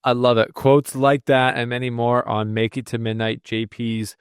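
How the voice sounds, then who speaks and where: A man's voice: mid-range voice, flat delivery, moderate pace, clear, resonant tone, no echo, clean studio sound. A man co-hosting a casual tennis podcast, upbeat and chatty, hyping listeners and guests with frequent restarts. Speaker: podcast co-host.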